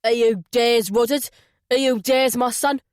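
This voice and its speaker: A woman's voice: high-pitched, moderate pace, a bit bright, no echo, clean studio sound, voice pushed up. A woman voicing a breezy, joking male friend in an audiobook. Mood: mock Cockney. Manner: breezy, jokey.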